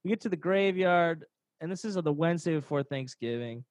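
A man's voice: on the high side, expressive, brisk, dry recording, clean studio sound. A young man casually telling a rambling, profane story, laughing along the way. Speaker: podcast storyteller.

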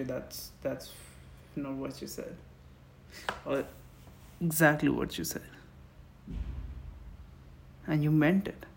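A man giving an intense, emotional monologue on love, swearing and swinging between hushed passages and shouting. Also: mid-range voice, gravelly, a little hiss or hum. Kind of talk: impassioned spoken monologue.

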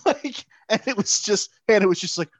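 Man, podcast co-host, casual chat, animated, fairly high voice, laughs a lot. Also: normal speed, slightly rough, no echo. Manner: animated, laughs often, repeats words, acts out quotes in sudden voices.

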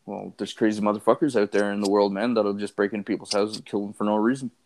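A man co-hosting a podcast in casual chat, relaxed and wry, spinning dark what-if scenarios. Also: lowish voice, fast talker. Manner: laid-back, wry, spins dark what-ifs. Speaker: podcast co-host.

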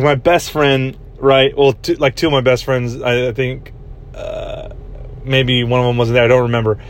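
Young guy rambling through a story, laughs a lot, mid pitch, says dude constantly. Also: fairly bright tone. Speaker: podcast host. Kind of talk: casual storytelling chat.

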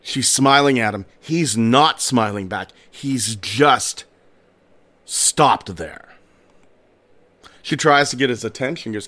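A man's voice: mid-range voice, slow, long pauses, sharp tone. A man hosting a strange-stories podcast, telling a tale in a casual way with personal asides. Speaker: podcast host. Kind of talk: casual storytelling narration.

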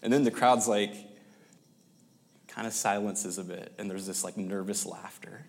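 A man preaching a sermon, telling a story with pauses and restarts and dropping to near-whispers. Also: fairly low pitch, vocal fry, darkish tone.

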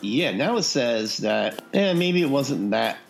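A man's voice: mid-range voice, sing-song, slow, gravelly, soft background music. A man co-hosting a podcast, chatting casually and rambling with lots of fillers. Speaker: podcast co-host.

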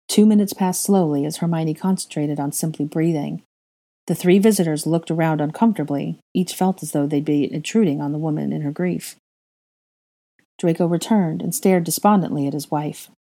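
Woman narrator, low and dark-toned, calm storybook reading. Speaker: reader of fan fiction. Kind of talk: audiobook-style story reading.

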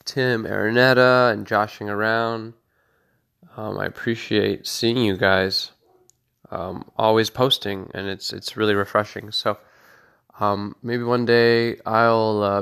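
A young man talking through a casual solo podcast, meandering and self-deprecating with plenty of filler. His voice is bright and forward, and he takes his time. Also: on the low side, clear, resonant tone. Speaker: podcast host.

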